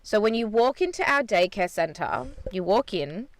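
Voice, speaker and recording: A woman's voice: mid-range voice, lively intonation, normal speed, dry recording. A woman podcast co-host telling a story in casual chat, swearing freely and retelling things with energy, recorded inside a parked car.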